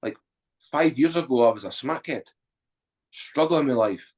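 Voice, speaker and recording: A man's voice: medium pitch, expressive, moderate pace, a little mellow. A man, a podcast guest telling his story candidly and bluntly, swearing freely.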